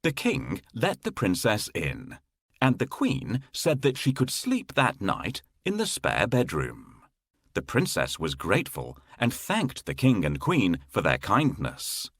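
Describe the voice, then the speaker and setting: A man with a husky voice narrating a children's fairy tale in an expressive, drawn-out storytelling style. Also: on the low side, no echo, studio quality.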